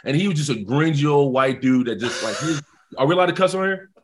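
A man, a former football player and interview guest, telling stories in an animated, laughing way and often saying "man". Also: a little high, fast. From South Bronx, New York. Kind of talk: casual storytelling interview.

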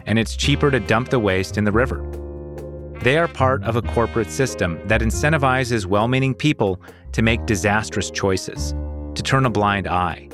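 A man co-hosting a podcast, reading scripted narration in a measured, earnest way. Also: lowish voice, over music. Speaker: podcast co-host.

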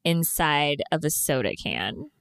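A woman's voice: low voice, sing-song, slow, a bit bright, no room sound, clean studio sound. A woman co-hosting a casual podcast, playful and opinionated. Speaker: podcast co-host. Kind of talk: casual chat.

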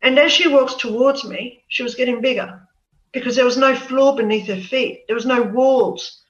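A woman with a fairly high voice and moderate pace shares her personal story as an interview guest, speaking earnestly and repeating words. The recording sounds echoey, distant, and dull.

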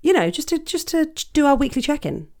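A woman's voice: sits high, big pitch swings, a little mellow. An English woman in her thirties co-hosting a podcast, chatty and teasing in casual conversation. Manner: chatty and teasing, quick asides. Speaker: podcast co-host. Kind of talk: casual chat.

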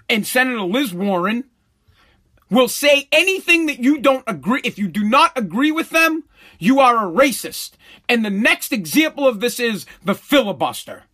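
A middle-aged man hosting a podcast, telling stories in a loose, profane monologue with frequent laughter. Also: extremely high pitch. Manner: animated storytelling, laughs often, swears freely. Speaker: podcast host.

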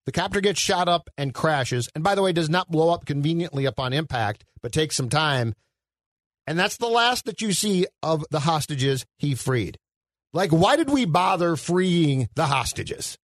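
A man's voice: on the high side, sing-song, moderate pace, dry recording, clean studio sound. A man co-hosting a casual movie podcast, nitpicking scenes with wry sarcasm and lots of "like". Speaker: podcast co-host. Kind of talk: casual movie review chat.

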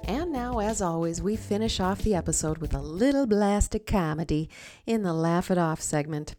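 A woman hosting a mindfulness podcast, giving slow soothing guidance that dips into soft whispers, then talking as a comedian. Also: on the low side, soft background music. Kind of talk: guided meditation and comedy bit.

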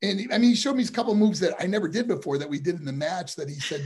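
A man's voice: high voice, rapid-fire, breathy edge. A middle-aged man, a former wrestler and boxer, telling rambling stories in a casual interview. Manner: rambling, animated storytelling with restarts.

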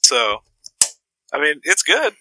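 A man's voice: on the high side, wildly swooping pitch, slow pace, sharp tone, no room sound, low-quality recording. A man co-hosting a podcast, giving loose, opinionated takes on a movie and swearing casually. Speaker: podcast co-host.

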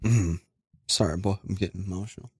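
A man's voice: high-pitched, big pitch swings, measured pace, no room sound, studio quality, full character voice. A man doing a sleazy shifty pizza tycoon. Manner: sleazy, evasive, calls others boy. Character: shifty male pizza tycoon posing as a Belgian gentleman. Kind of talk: improvised comedy sketch. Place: studio.

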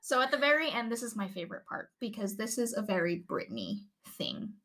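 A woman co-hosting a podcast in a lively, casual storytelling mode, her voice bright and fairly high. She laughs often as she talks and gets animated with the story. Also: brisk. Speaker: podcast co-host.

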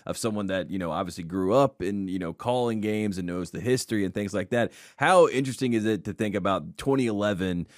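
A man's voice: fairly low pitch, brisk, hardly any pauses, no room sound, studio quality. A man hosting a casual sports podcast, eagerly interviewing a guest and laughing often. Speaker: podcast host.

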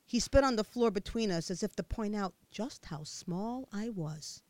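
A woman narrating a first-person memoir as an expressive audiobook reader with a childlike viewpoint. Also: medium pitch, moderate pace, hardly any pauses.

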